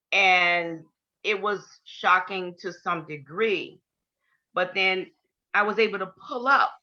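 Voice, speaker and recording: An older woman with a fairly low, sharp-toned voice gives an earnest personal testimony as an interview guest, repeating key points for emphasis. The podcast audio is dull and lo-fi.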